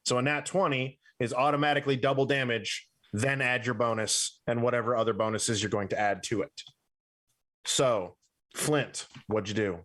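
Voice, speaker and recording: A man narrating a tabletop game as its game master, describing scenes slowly and deliberately. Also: mid-range voice, steady tone, fairly bright tone.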